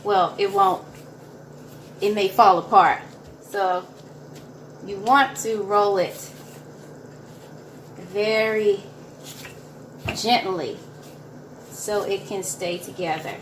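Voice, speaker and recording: A woman's voice: medium pitch, slow pace, long pauses, reverberant, slight background noise. A woman with a Southern accent, giving a chatty, encouraging home cooking demonstration and often repeating her phrases. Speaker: cooking instructor. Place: home kitchen.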